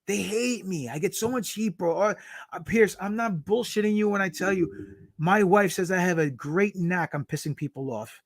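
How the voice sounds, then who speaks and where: Profane, animated wrestler with a high voice. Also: male voice, normal speed, dry recording, studio quality. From United States. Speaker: professional wrestler guest. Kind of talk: casual storytelling interview.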